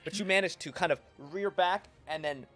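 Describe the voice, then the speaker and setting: Higher-voiced man narrating as game master. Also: moderate pace, a bit bright, faint music behind. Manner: descriptive, hesitant with repeated words.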